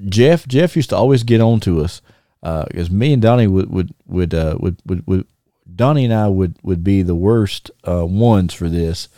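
A man's voice: low-pitched, moderate pace, no room sound, studio quality. A man casually telling old wrestling stories, laughing often and restarting his sentences. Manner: animated, laughing, many restarts and fillers. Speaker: former wrestler, podcast guest. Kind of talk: casual storytelling chat.

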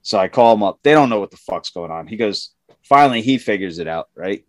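Animated, swearing man telling a story. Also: lowish voice, brisk, no room sound. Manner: profane, animated storytelling, acts out quotes in raised voices. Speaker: podcast co-host telling a work story. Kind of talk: casual chat.

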